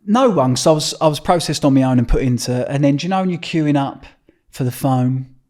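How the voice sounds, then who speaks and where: Appearing as a guest on a podcast interview, a man from Essex, England, tells stories bluntly and ramblingly in an Essex accent, swearing freely and restarting sentences. His voice is medium-pitched and darkish, and he talks a little fast.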